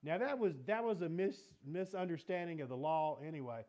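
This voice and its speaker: A man's voice: a little high, brisk, a little mellow. A man teaching a casual Bible study in a church meeting room, talking in a conversational way and asking the group questions.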